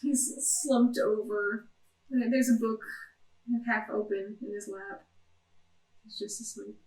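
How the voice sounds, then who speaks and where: A woman narrating a tabletop game as game master, slow and descriptive. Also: medium pitch, steady tone, darkish tone, reverberant, poor audio.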